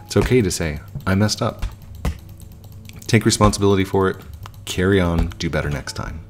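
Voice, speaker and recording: Deep-voiced guy in his 30s chatting while he games, thinking out loud, soft music behind. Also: fast. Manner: reflective, frequent restarts and fillers. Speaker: gaming YouTuber. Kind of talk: casual talk while playing.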